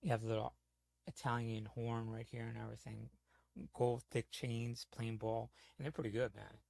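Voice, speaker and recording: A man's voice: mid-range voice, flat delivery, normal speed, gravelly, darkish tone, no echo. A man chatting casually on a gaming stream, telling rambling, profane stories full of "you know". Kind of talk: casual storytelling chat.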